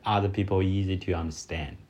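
A man with a Chinese accent, a native Chinese speaker co-hosting a podcast in casual chat, halting as he searches for English words. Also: low-pitched, fairly even intonation, darkish tone, muffled recording. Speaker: podcast co-host.

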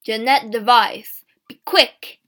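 A woman voicing a harsh male prison guard who shouts orders in an audiobook story. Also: fairly high pitch, steady tone, unhurried. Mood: barking. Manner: loud and barking.

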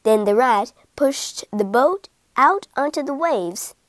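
A woman reads a children's story in a high, lively voice that rises and falls a great deal. She takes her time over each line, and the close, dry sound leaves no trace of the room. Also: no room sound. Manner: slow, expressive reading. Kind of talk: scripted children's story narration.

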